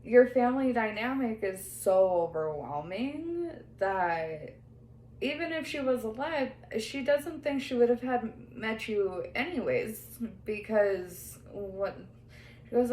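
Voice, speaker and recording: A woman's voice: fairly high pitch, lively intonation, takes it slowly, darkish tone. A woman working as a medium who relays what a spirit tells her during a reading, quoting the spirit and breaking into laughter now and then. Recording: echoey room, faint background noise.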